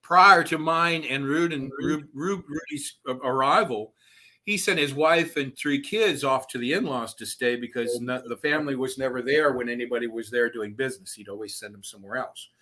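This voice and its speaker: A man tells his story as a guest over a video call, swearing freely and chuckling between lines. His voice is bright and forceful, with a middle pitch for a man. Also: moderate pace. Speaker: guest, author telling his own story. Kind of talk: casual storytelling.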